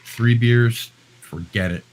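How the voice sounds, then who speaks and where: An American man live-streams in a chatty, rambling, self-deprecating way. He speaks slowly in a medium-pitched voice, and the recording is low quality.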